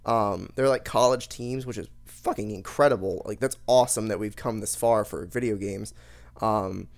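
A man's voice: lowish voice, moderate pace, creaky. A young man in casual chat, rambling and swearing freely as he rants about a video game. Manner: rambling, profane, animated ranting.

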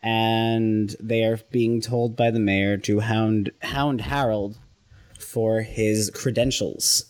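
A man's voice: on the low side, steady tone, slow, a little mellow. A man co-hosting a podcast, explaining things earnestly in casual chat, often stumbling and restarting his sentences. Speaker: podcast co-host.

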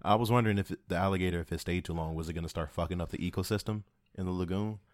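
A man's voice: low-pitched, rapid-fire, no echo, clean studio sound. A man co-hosting a podcast in casual chat, laid-back, joking and profane. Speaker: podcast co-host.

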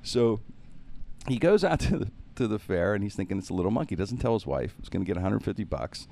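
Deep-voiced man telling stories. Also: fast talker, vocal fry. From Pittsburgh, USA. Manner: animated, acts out voices in anecdotes, laughs often. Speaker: podcast host. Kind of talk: casual storytelling.

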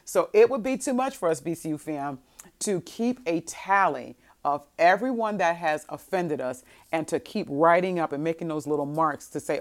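A woman with a low voice delivers a sermon to her listeners. She reads scripture in a slow, measured way, then swings from quiet reflection into emphatic, rising bursts. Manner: expressive preaching, swings between soft and emphatic. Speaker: preacher.

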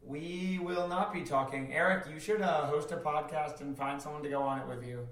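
A man's voice: a little high, steady tone, moderate pace, a bit bright, far from the mic. A man co-hosting a podcast in casual chat, joking and rambling with frequent trailing-off. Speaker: podcast co-host. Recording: roomy echo from away from the mic.

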